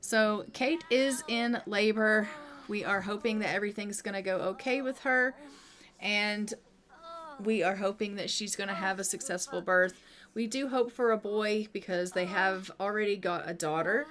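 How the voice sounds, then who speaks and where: A woman talks through her life-sim game in a relaxed, chatty way, explaining each step as she goes. Her voice sits at an ordinary middle pitch, and she slips into quick asides for her characters. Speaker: gameplay narrator. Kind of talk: casual let's-play commentary.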